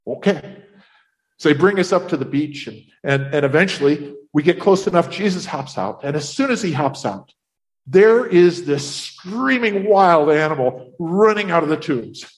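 Animated man telling a Bible story. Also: fairly high pitch, moderate pace. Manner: animated, breathless telling with many restarts. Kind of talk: first-person Bible story told in character.

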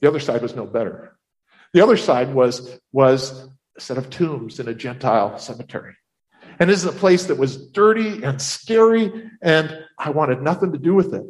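Animated man telling a Bible story. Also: medium pitch, normal speed. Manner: animated, breathless telling with many restarts. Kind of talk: first-person Bible story told in character.

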